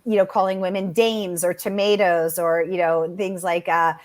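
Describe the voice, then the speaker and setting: A woman author answering interview questions, animated and chatty, with many fillers. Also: on the low side, normal speed. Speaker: author, guest.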